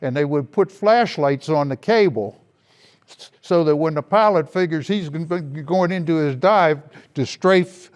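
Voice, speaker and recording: An older man with a slightly high, smooth and resonant voice. He recalls his past in an oral history interview. His storytelling is slow and reflective. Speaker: interviewee, veteran.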